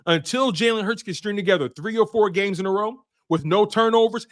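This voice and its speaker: A worked-up man hosting a sports livestream, ranting in heated bursts and repeating lines for emphasis. He reads out viewer chats between rising, shouted complaints. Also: sits high, brisk. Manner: heated, repetitive, swings to shouting. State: emotional and worked up. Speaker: sports show host.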